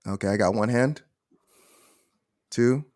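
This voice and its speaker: Low-voiced man hosting a gaming podcast. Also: lively intonation, moderate pace. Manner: explains rules step by step, checks in with "okay?". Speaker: podcast host. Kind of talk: casual gaming podcast chat.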